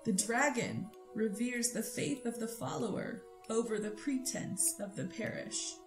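A woman voicing a serene, mysterious female fortune-teller who keeps a shop, speaking in a cryptic, calm and gracious way. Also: fairly high pitch, unhurried, echoey room, over music, rough recording.

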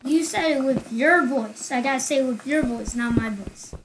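High-voiced playful woman gaming. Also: normal speed, background noise. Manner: playful and teasing. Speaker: gamer. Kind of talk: casual gameplay chat.

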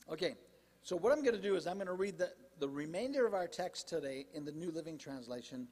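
A man preaching a sermon as pastor, animated and conversational, with asides to the congregation. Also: on the high side, fairly quick, long reverb tail. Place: church sanctuary.

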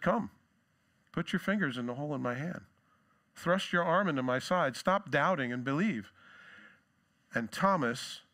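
Preaching in a loose, chatty manner, a man delivers a sermon sprinkled with jokes and side comments, giving quoted lines extra lift and force in the telling. He speaks in a mid-range voice that remains bright and forceful throughout.

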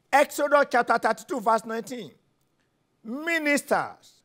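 A Nigerian man preaches and leads prayer in a very high voice. His tone is bright and forceful. He repeats commands fervently and builds to loud declarations. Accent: Nigerian English. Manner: fervent, repetitive commands, rising to shouts. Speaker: pastor leading prayer. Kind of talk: sermon and prayer session.

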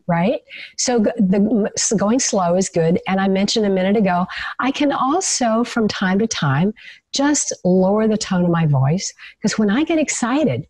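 A woman guest in an interview, explaining calmly and warmly agreeing with her host. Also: medium pitch, normal speed, husky, no echo. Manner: calm, explanatory, with many affirming interjections. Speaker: guest expert on leadership and the nervous system. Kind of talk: conversational interview over video call.

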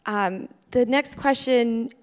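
A woman's voice: on the high side, takes it slowly. A woman moderating a live author event, carefully reading out a question from the audience. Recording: reverberant hall sound.

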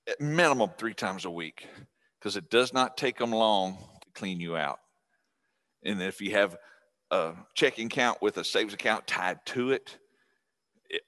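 A middle-aged man with a drawl talks to a seniors' class in a relaxed, folksy way. His voice sits on the low side, and he often restarts and circles back as he goes. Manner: folksy and chatty, with restarts and laughs. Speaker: guest speaker on scam prevention. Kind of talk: casual class talk to seniors.

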